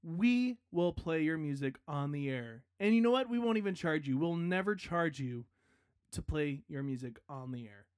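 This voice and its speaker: A podcast host in a casual outro, chatty and rambling, poking fun at themself and now and then bursting into loud hype yells. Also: medium pitch, animated, normal speed, no echo, studio quality. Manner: chatty, self-mocking, rambling.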